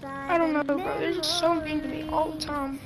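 A man's voice: very high-pitched, steady tone, normal speed, over loud music, voice pushed up. A man voicing a sad young boy on a game chat who is close to tears over bullies at school.

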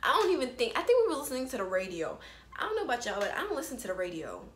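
A young woman vlogger telling a personal story to the camera in a casual, animated way, full of slang and fillers like "like" and "bro". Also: fairly high pitch, very fast, a little hiss or hum. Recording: echoey room.

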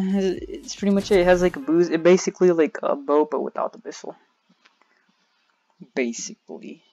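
A man with a fairly high voice gives casual gameplay commentary as a gaming YouTuber, rambling, laughing at his own slips and filling pauses with "and yeah." The sound is lo-fi, and loud game audio plays behind him.

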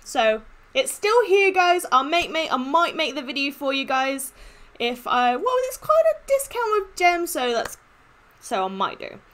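A woman giving casual gaming commentary as she opens in-game chests, gushing and excitable. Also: sits high, a little slow. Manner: excitable, gushing, squeals with delight. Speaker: gaming YouTuber.

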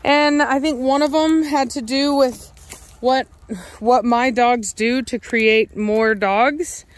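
A woman's voice: sits high, steady tone, slow pace. A woman dog breeder with a Texan accent, chatting casually outdoors and cooing baby talk at her dogs.

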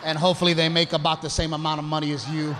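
A man with a high voice tells a crude, animated stand-up story about himself. He is recorded on a club stage through a handheld mic, with clear background noise in the room. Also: very fast, big-room sound, a crowd in the background. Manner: animated storyteller with crude, self-mocking punchlines. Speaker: stand-up comedian. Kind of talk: stand-up routine.

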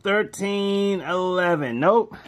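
A man, commenting casually as he scratches lottery tickets, reading numbers aloud in slang and breaking into excited shouts. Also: high voice, slow, slight background noise.

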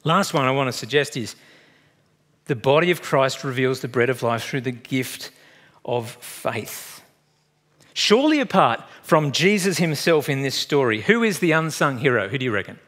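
A man's voice: mid-range voice, normal speed. A man in his fifties with an Australian accent, a pastor preaching a sermon and telling chatty stories with laughs along the way. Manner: storytelling, animated and chatty, laughs at own stories.

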